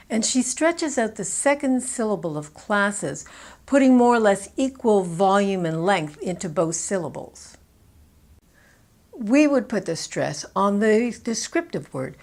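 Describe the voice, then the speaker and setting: A woman with a Canadian accent, a pronunciation coach giving instructional commentary and modeling words slowly and clearly. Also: mid-range voice. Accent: Canadian English.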